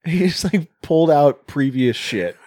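A man co-hosting a podcast in casual chat about a horror movie, joking with quick interjections and easy laughter. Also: on the high side, animated, a little mellow, dry recording, clean studio sound. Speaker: podcast co-host.

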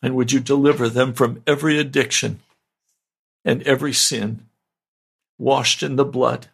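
A man's voice: medium pitch, steady tone, moderate pace, gravelly, a bit bright, slightly rough. A man hosting a radio broadcast, praying and preaching fervently and pleadingly. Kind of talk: radio sermon and prayer.

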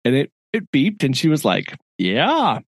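This podcast co-host, a middle-aged man, has a medium-pitched, sing-song voice and talks at normal speed. He shares a story in easygoing chat, laughing frequently, captured in a dry, clean studio recording.

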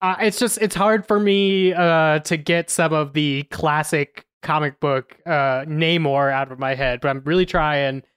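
A woman hosting a podcast, reviewing a film in a measured way with many "uh" fillers. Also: low-pitched, steady tone, smooth, dry recording, clean studio sound. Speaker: podcast host.

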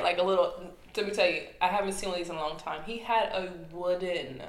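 A woman's voice: medium pitch, brisk, fairly bright tone, echoey room. A young woman telling a story in casual chat, acting out quotes and laughing often.

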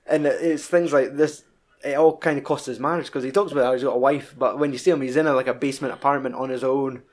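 A man with a Scottish accent chatting casually as a podcast co-host, telling a film's story in an animated, heavily sweary way. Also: medium pitch, quick pace. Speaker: podcast co-host reviewing a film. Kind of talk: casual chat.

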